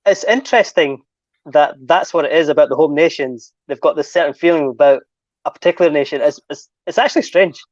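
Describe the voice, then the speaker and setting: A man chatting on an online show, speaking hesitantly with many pauses and ums. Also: on the high side, no room sound, muffled recording. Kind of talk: casual online chat.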